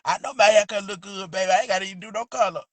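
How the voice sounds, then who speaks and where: A man's voice: high voice, very fast, a bit bright, dry recording. A man hosting a casual livestream from outdoors by a house, talking loosely to viewers, calling them baby and boo, and drawing out a sing-song catchphrase. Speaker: livestream host.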